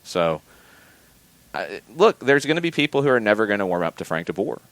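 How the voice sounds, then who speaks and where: A man with a notably low voice talks through soccer talking points in a casual podcast. He speaks in a measured way and often restarts phrases as he thinks. The sound is close and dry, with no room echo. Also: sing-song, fairly bright tone.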